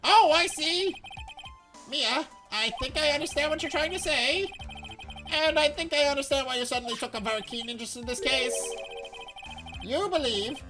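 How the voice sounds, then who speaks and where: A man's voice: very high voice, normal speed, bright, forceful tone, soft background music, pitched above the performer's own voice. A man voicing a fussy, patronizing older male defense lawyer. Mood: pompous. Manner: pompous, patronizing.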